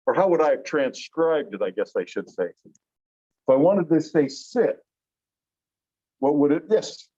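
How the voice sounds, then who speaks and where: A male teacher gives a classroom lecture in a slightly high, mellow voice with a husky edge. He explains step by step and keeps turning questions to the class. The recording sounds dull and lo-fi.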